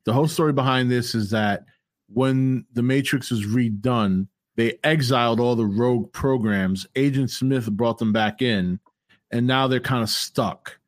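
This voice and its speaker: A man's voice: mid-range voice, unhurried. A man who is a guest reviewer on a movie podcast, speaking bluntly and with profanity, exasperated about a character. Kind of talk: casual podcast chat.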